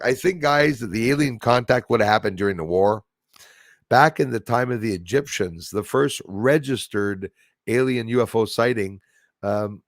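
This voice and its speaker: A man with a lowish voice hosts a casual live stream and rambles from one point to the next, full of fillers and restarts. The sound is dry and close, with no room around it. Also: dry recording. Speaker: host.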